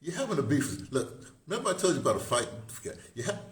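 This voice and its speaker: A man's voice: mid-range voice, sing-song, fast. Rambling, chuckling New man, roomy sound. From United States. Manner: rambling, chuckling at his own jokes. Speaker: vlogger. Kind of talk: casual monologue to camera. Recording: roomy echo with faint noise.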